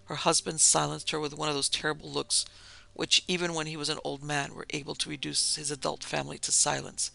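Male narrator, gravelly, very bright tone, flat even delivery, storybook reading. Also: on the high side, fairly quick. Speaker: narrator and producer. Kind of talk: storybook narration of a memoir tale.

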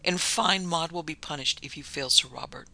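Man reading sinister disfigured nobleman, audiobook villain, gravelly, sharp tone, coldly polite. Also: fairly high pitch, exaggerated voice. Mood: menacing. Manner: measured, coldly polite menace. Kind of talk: audiobook narration.

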